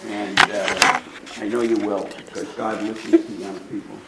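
With a fairly low, flat voice at normal speed, an older man with a New York accent addresses a youth group. He's a priest from New York City, talking earnestly and informally and repeating words, while the distant recording picks up room echo and background noise.

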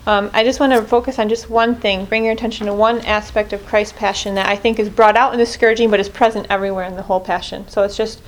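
A woman's voice: medium pitch, steady tone, fast, few pauses. A woman leading a group prayer reflection in an earnest way, often restarting and correcting herself mid-sentence. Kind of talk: spoken reflection on scripture.

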